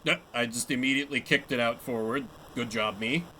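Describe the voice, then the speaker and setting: A man's voice: mid-range voice, brisk, pushed and bright, slight background noise, rough recording. A young man chatting casually and laughing at himself while he plays a game live. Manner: chatty, self-mocking, laughs often. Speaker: streamer. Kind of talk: live gameplay commentary.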